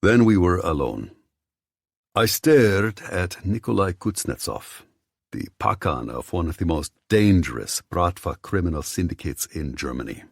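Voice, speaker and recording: A man's voice: low voice, sing-song, unhurried, gravelly, no room sound, studio quality. A man narrating an audiobook in the first person, tense and inward.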